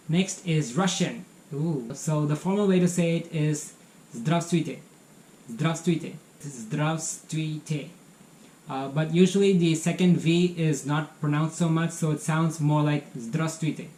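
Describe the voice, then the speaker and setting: A man hosting a beginner language lesson, cheerful and encouraging, slowing down to model each phrase. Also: a little high, a little mellow. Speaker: language teacher, channel host. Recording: echoey room, faint noise.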